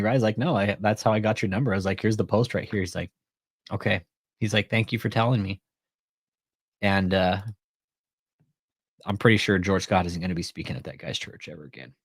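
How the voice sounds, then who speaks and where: A man with a fairly low voice chatting casually as a commentary host, recorded dry and close. He swears often and tells his story by acting out both sides of a phone call. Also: a little fast, husky, no room sound. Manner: profane, retells phone calls with quoted dialogue.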